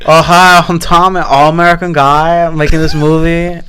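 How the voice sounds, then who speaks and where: A young man doing an impression of an eccentric, vampire-like filmmaker with an Eastern European accent, drawling in a slow, odd cadence. The voice sits high and comes through smooth and clear. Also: flat delivery, fairly bright tone, close to an everyday voice. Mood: cheery.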